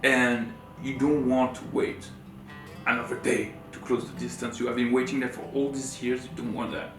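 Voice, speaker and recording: A man from France, telling a personal story as co-host in a rambling, animated, filler-heavy way. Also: medium pitch, normal speed. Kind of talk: casual storytelling chat. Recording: roomy room with faint guitar music.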